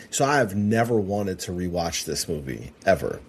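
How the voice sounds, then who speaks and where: A man with a very deep, slightly husky voice, weighing his opinions slowly in a relaxed podcast chat. He talks deliberately. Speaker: podcast co-host. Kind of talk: casual movie podcast chat.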